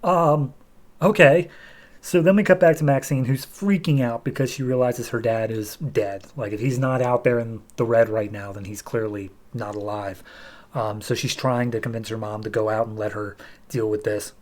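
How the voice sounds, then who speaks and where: A man's voice: on the low side, moderate pace, a little mellow. A young adult man hosting a podcast, recapping a comic in a loose, casual way with lots of fillers. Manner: loose, filler-heavy, acts out dialogue. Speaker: podcast host.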